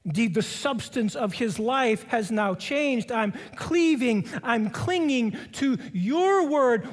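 A middle-aged man preaches in a very high voice, leaning hard on repeated phrases. His words ring out with a long reverb, as if from a large chapel. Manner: slow, emphatic repetition of key phrases. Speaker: preaching professor. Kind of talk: sermon.

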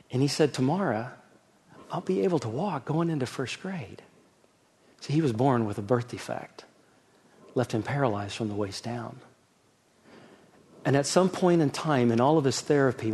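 A middle-aged man, a pastor, preaching a sermon with a personal story, swinging from loud emphasis to soft, hushed telling. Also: mid-range voice, slightly rough.

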